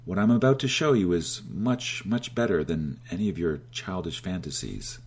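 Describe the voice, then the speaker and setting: A man with a deep, husky voice voicing an older woman from the ancient sea world, calm, wry and measured in his speech.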